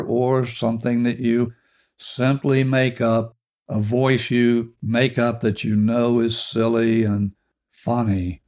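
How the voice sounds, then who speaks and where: Middle-aged male podcast host, unhurried and calm, steps the listener through an exercise. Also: mid-range voice. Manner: slow, calm, instructive, speaking directly to the listener. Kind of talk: guided self-help exercise.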